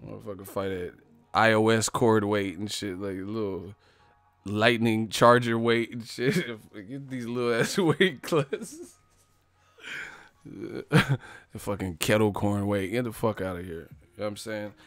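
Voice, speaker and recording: A man's voice: lowish voice, a little slow, fairly bright tone, no echo. A man hosting a boxing channel, riffing in a loose, profane comedic rant and laughing often. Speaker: boxing commentator.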